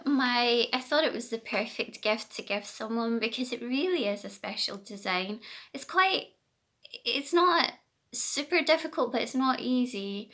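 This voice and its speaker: A woman's voice: mid-range voice, sharp tone. A Scottish woman chatting casually to her phone camera as a knitting podcast host, rambling and correcting herself as she goes. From Scotland.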